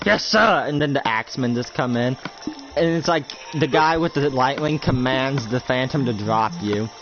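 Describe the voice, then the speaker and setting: A man's voice: mid-range voice, moderate pace. A man improvising roleplay narration, rambling and full of filler, over dull lo-fi audio with music behind. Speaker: roleplay storyteller.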